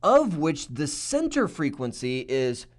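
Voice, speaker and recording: A man teaching a technical course in a conversational, animated way, often checking in with "right?" and acting out his examples. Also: a little high, takes it slowly. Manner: animated, acts out examples in voices; conversational, uses "right?" and "you know". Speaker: instructor. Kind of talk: technical lecture.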